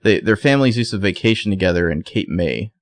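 Low-voiced man recapping a show. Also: lively intonation, quick pace, no echo. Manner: rambling, conversational, laughs often. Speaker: podcast co-host. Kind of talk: casual TV episode recap chat.

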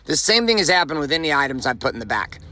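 A man's voice: on the high side, very animated, fast, pushed and bright. A man hosting a motivational podcast from his car while driving, talking bluntly and emphatically, swearing freely and repeating phrases for punch. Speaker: podcast host. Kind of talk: profane motivational monologue. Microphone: recorded while driving.

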